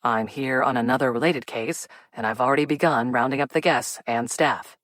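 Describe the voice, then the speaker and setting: A woman's voice: a bass voice, steady tone, fairly bright tone, dry recording, pitched below the performer's own voice. A woman voicing a composed, wryly amused male police detective in an audiobook. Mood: measured. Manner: measured and dry.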